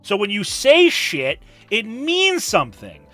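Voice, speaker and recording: A man's voice: sits high, wildly swooping pitch, measured pace, sharp tone, dry recording, soft background music. A man chatting on a live stream, emphatic and profane, ranting and reading chat messages aloud.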